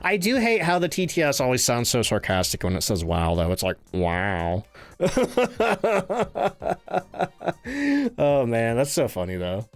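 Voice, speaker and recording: A man streams live, chatting casually, reading the chat aloud, thanking subscribers and laughing often. His medium-pitched voice has a sing-song quality, and he talks briskly with few pauses. Faint game music plays behind him.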